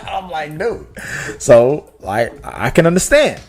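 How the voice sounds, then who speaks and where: A man co-hosting a movie podcast, talking casually in an animated, rambling way with lots of restarts and fillers. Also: a little high, takes it slowly, faint music behind. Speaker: podcast co-host.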